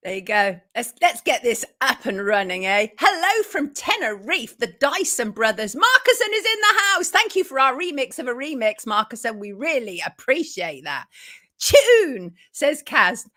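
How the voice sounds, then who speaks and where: A chatty woman hosts a live morning show with a lively, up-and-down voice, greeting viewers warmly by name. Her pitch sits a little high for a woman. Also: normal speed, few pauses. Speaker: host.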